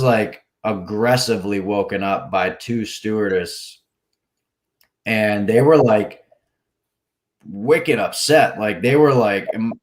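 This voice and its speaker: A man, a podcast guest, telling a rambling story in casual talk, full of swearing and "like" fillers. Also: lowish voice. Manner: rambling, heavy swearing, many "like" fillers, acts out quotes.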